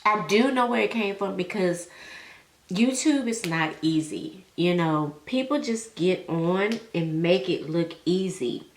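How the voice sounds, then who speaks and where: A young woman with a low-leaning voice talks to her viewers while she does her makeup. She is chatty and heartfelt and drops into relaxed slang, and her voice rings off the walls of an echoey room at home. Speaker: beauty vlogger. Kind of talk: casual chat while doing makeup.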